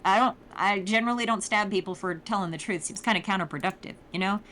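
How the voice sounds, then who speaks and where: A woman voicing a blunt, sarcastic young woman adventurer who speaks in a crude, deadpan way, quoted casually in a game recap. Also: medium pitch, quick pace, slight background noise, close to an everyday voice.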